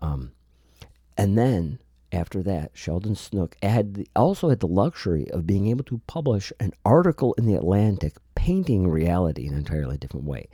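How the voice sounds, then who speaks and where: A man's voice: low voice, big pitch swings, a little fast, dark tone, breathy edge, no room sound, studio quality. A man giving a solo political commentary, talking sarcastically and emphatically and rambling with frequent restarts.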